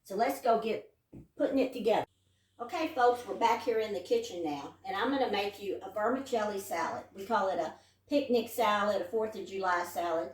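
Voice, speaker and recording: Here a home cook and host, an older woman from Texas, walks through her house in a casual, homey way before demonstrating a recipe in the kitchen. She speaks in a mid-range voice at a slightly quick pace, with roomy, off-mic audio.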